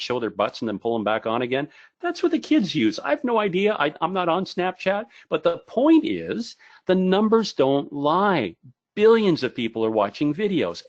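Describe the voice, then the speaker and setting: A male speaker presents a webinar with an animated, joking delivery, his pitch swinging widely as he talks. The sound is dry and a little dull and muffled. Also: no room sound. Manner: animated, jokey, self-deprecating. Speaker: video marketing speaker.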